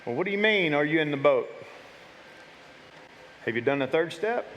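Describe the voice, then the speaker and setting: A man's voice: fairly high pitch, expressive, moderate pace, a bit bright, muffled recording, a little hiss or hum. A man preaching a casual, conversational sermon to his church, often repeating and restarting his words. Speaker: pastor. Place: church sanctuary. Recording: long hall reverb.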